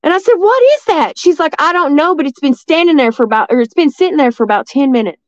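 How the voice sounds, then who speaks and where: A woman from East Tennessee with a Southern accent, telling a story as a guest in a rambling, excitable way full of restarts. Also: sits high, fast, no room sound, dull audio. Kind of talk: casual storytelling.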